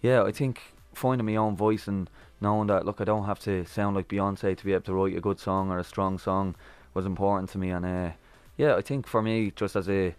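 A man's voice: deep voice, steady tone, fairly quick, few pauses, darkish tone, smooth, no room sound. An Irish man, a singer-songwriter, chatting modestly and hesitantly as a guest in a radio studio, with many fillers. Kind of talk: casual radio interview.

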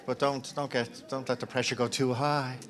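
A man's voice: medium pitch, level tone, normal speed, fairly bright tone. A man with an Irish accent hosting a live radio broadcast before a crowd, chatty and teasing, on a handheld mic. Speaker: radio phone-in host. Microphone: handheld microphone.

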